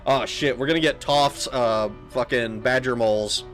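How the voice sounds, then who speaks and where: A man's voice: medium pitch, normal speed, hardly any pauses, fairly bright tone, soft background music. A young man casually commentating a game stream, joking crudely and laughing often.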